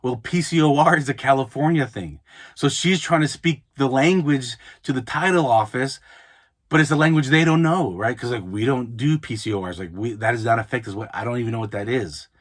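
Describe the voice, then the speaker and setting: A man's voice: medium pitch, a little fast. A man hosting an advice podcast, talking casually and often restarting his sentences. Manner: conversational, frequent restarts and repeated words. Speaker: podcast host, mobile notary. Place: Utah, United States.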